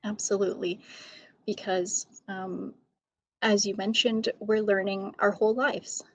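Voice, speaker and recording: Slow, measured woman author. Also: mid-range voice, flat delivery, dry recording, rough recording. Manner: measured, many ums. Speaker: author and educator. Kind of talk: interview answers.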